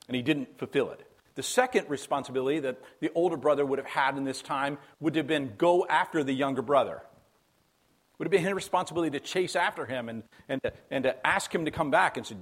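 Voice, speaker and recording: A man preaching a sermon as a pastor, in a conversational, emphatic way that repeats key phrases for weight. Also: medium pitch.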